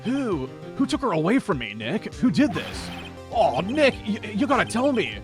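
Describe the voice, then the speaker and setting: Man playing a loud whiny young guy, high pitched, overwrought, game dub. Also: huge pitch swings, moderate pace, music in the background. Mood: distraught. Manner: wailing, overwrought.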